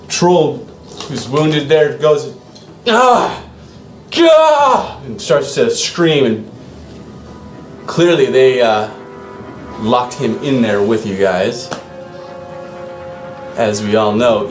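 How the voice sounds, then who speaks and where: A man's voice: mid-range voice, slow, pauses often, a little mellow. A man runs a tabletop game as dungeon master, telling the scene in a loose, rambling way that doubles back on itself. He sits in a roomy, echoey space. Faint music plays underneath him. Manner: loose, rambling narration with restarts.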